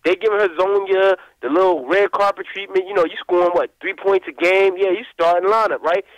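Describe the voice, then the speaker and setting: A man calling in to a sports podcast, ranting in an animated, rambling way with plenty of swearing and repeated asides. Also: sits high, brisk, no echo, highs cut off. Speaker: caller. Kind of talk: casual call-in rant.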